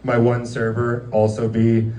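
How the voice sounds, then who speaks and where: A man's voice: medium pitch, monotone, measured pace, mellow, a little hiss or hum. Man, stand-up comic, rambling storyteller, filler-heavy, roomy echo, distant mic. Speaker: stand-up comedian. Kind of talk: stand-up comedy set. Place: guerrilla comedy show venue. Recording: echoey room from far off.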